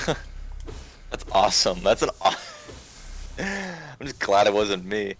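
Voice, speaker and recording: A young game commentary co-host in his twenties relates a comic story over gameplay through a remote call with screen share, with slight background noise. His fairly low, fairly bright voice is sing-song and slow, full of laughter, false starts and fillers.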